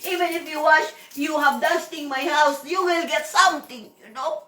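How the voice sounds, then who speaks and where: High, bright Filipino woman ranting. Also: steady tone, normal speed, roomy sound. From Philippines. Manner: rambling, emphatic, repeats herself, breaks into laughter. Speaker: vlogger. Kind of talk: casual vlog monologue.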